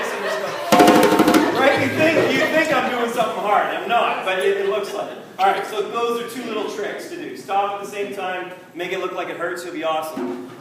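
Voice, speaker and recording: A man's voice: high voice, noisy background. A man leading a group drumming session in a church hall, joking and chanting the rhythms for everyone to follow. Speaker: drum workshop leader. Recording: echoey hall, far from mic, loud drumming. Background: group drumming and tambourines.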